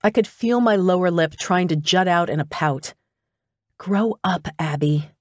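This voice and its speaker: Lower-voiced woman narrating an audiobook. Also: measured pace, no room sound, clean studio sound. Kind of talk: first-person audiobook narration.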